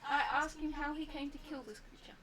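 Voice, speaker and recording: A woman's voice: high-pitched, little pitch movement, fairly quick, bright, forceful tone, recorded from a distance, slight background noise, poor audio. A woman in casual tabletop game chat, playful and eager as she plays her character. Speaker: player.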